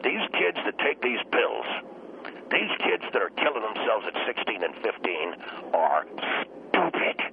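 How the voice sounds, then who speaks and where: An actor playing a hot-tempered teacher who guests on a talk show, ranting and stammering in loud bursts. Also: male voice, lowish voice, sing-song, measured pace, highs cut off, background noise. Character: blustering middle-aged male teacher, hot-tempered. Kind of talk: comedic radio talk show sketch.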